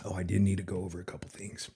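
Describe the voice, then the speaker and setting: A man hosting a livestream in a casual, mocking style, sarcastic and quick to laugh, and out of breath. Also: low-pitched, completely flat delivery, warm tone, breathy edge. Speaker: livestream commentary host.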